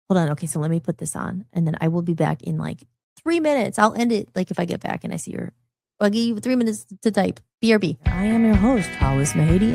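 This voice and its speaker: A woman's voice: fairly low pitch, creaky, darkish tone, no echo, clean studio sound. A woman hosting a live talk show, chatting casually and jokingly as she jumps from topic to topic. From United States. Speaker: host.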